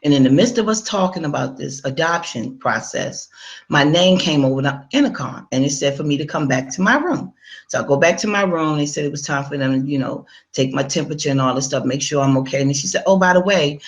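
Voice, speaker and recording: A woman's voice: deep voice, brisk. A woman giving a personal testimony in a conversational storytelling manner, speaking straight to her listeners and acting out her own past dialogue.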